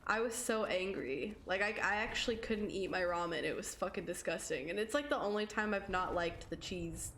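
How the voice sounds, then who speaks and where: A woman's voice: mid-range voice, normal speed, hardly any pauses, a bit bright, slight background noise. A young woman livestreaming a game, chatting with viewers in a casual, giggly way and swearing freely. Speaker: live streamer. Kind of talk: casual gaming stream chat with viewers.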